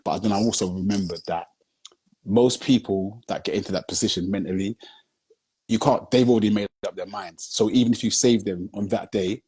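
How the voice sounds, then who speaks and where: Heard through a phone on a live video stream, this male film director guesting on a video chat has a husky, darkish voice pitched on the low side. He talks briskly while earnestly recounting his story. "You know what I'm saying" comes up again and again as he asks whether you're following.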